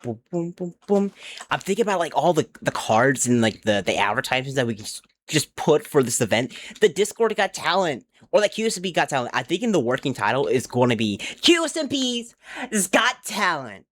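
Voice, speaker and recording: A young man in casual stream chatter, his pitch neither high nor low. He rambles and drifts between thoughts while building in a game, now and then counting under his breath. He is close on a desk mic at home. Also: very animated, fairly quick, fairly bright tone, a little hiss or hum. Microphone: desk mic with headphone monitoring.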